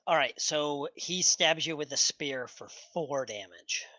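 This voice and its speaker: A man running a tabletop role-playing game as game master, relaxed and meandering with many fillers. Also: on the high side, unhurried, dry recording.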